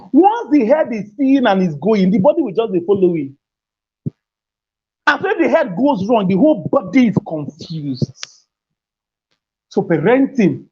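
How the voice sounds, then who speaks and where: Husky woman preaching on parenting. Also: fairly high pitch, a little mellow. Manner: emphatic and preachy, repeats key phrases, laughs between points. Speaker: parenting speaker. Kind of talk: motivational talk to parents. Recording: dull lo-fi recording.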